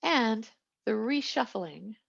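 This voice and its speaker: Female instructor, chatty lecture delivery, husky voice, dull lo-fi recording. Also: a little high, lively intonation, takes it slowly, fairly bright tone. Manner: chatty, digressive lecturing with asides and jokes. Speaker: biology instructor. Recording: lo-fi, muffled recording.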